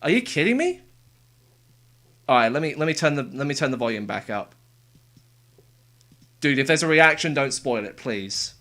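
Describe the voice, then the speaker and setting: A streamer giving casual live reaction commentary, excitable, with quick exclamations and casual slang aimed at chat. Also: medium pitch. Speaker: livestreamer.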